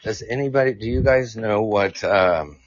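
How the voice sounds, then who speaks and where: A man's voice: lowish voice, normal speed, dry recording, highs cut off. Stumbling casual man reading science notes. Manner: reads notes with frequent stumbles and joking asides. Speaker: podcast host. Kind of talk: casual live-stream science talk. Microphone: earphone mic.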